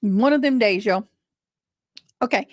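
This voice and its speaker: A woman's voice: fairly high pitch, measured pace. A woman hosting casual crime commentary, chatty and rambling, often going off on tangents.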